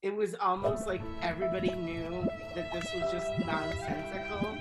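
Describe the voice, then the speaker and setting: A woman's voice: fairly low pitch, steady tone, normal speed, over loud music. A woman co-hosting a casual podcast recap, delivering dry, sarcastic quips. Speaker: podcast co-host.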